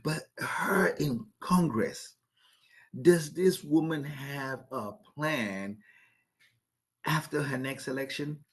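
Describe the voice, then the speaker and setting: A man's voice: on the high side, slow pace, a bit bright. A man hosting a podcast, giving opinionated commentary, asking rhetorical questions and often restarting sentences with repeated words. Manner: emphatic, repeats words when starting sentences; poses rhetorical questions to listeners. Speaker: podcast host.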